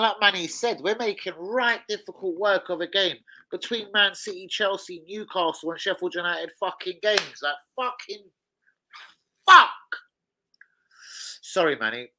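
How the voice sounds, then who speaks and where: A young man hosting a live football watch-along, swearing heavily and bursting into shouts of frustration. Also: a little high. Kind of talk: casual live football reaction.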